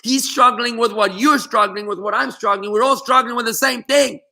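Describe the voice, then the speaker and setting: A man's voice: extremely high pitch, moderate pace, creaky, bright, forceful tone. A man teaching a Torah lesson to students in an online class, speaking with passion and emphasis, often calling on students by name.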